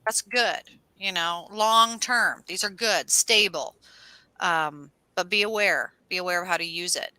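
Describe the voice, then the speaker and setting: A woman hosting a casual astrology chat, telling stories in a lively way and acting out what people said. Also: lowish voice, unhurried, no echo. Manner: animated storyteller, acts out quotes. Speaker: host.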